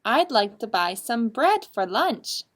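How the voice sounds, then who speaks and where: A woman voicing a polite, gentle little male cheetah in a storybook read-aloud, with a slow, emphatic delivery. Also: fairly high pitch, big pitch swings, heavily acted. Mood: earnest.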